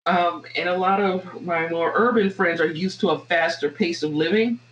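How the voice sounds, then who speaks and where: A woman's voice: lowish voice, lo-fi sound, slight background noise. Reflective Southern American woman. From Southern United States. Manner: reflective, halting, with frequent restarts. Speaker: podcast guest. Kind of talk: casual podcast conversation.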